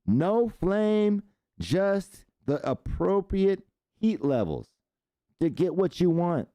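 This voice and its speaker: A man's voice: sits high, very animated, slow pace, mellow, no echo. A man hosting a live stream, chatting loosely and profanely while he reads out viewer comments. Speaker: show host.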